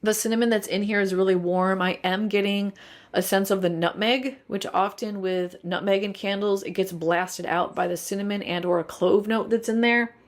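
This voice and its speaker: A woman's voice: mid-range voice, fairly even intonation, normal speed. A woman, giving a chatty, detailed candle review and thinking aloud as she goes. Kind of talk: casual review vlog.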